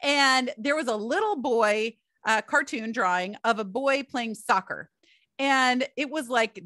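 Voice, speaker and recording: A woman's voice: on the high side, unhurried, pushed and bright, no room sound, clean studio sound. A middle-aged woman hosting a solo podcast, telling personal stories in a chatty way and calling her listeners "you guys". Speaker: podcast host.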